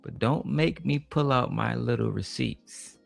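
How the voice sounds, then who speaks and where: A man's voice: medium pitch, a little slow, creaky. A man hosting a casual livestream commentary show, talking in a brash, profane, mocking way. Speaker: show host.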